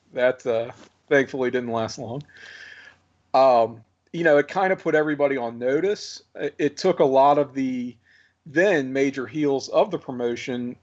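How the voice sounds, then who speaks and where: Chuckling podcast host, muffled audio. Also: male voice, medium pitch, a little mellow. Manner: reflective, chuckling, repeats words as he thinks. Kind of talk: casual chat.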